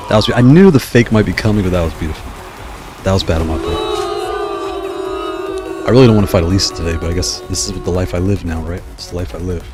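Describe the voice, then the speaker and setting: A tired man streaming a fighting game and chatting as he reacts aloud to each round. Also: sits low. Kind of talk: live gameplay commentary.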